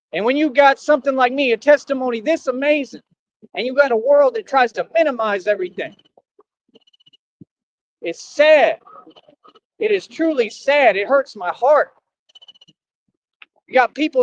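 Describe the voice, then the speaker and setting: A defiant man rants on a livestream. He preaches and scolds, swinging from shouts to low brooding. The audio is dry and dull, with a lo-fi stream sound. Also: no echo. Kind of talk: impassioned streamed rant.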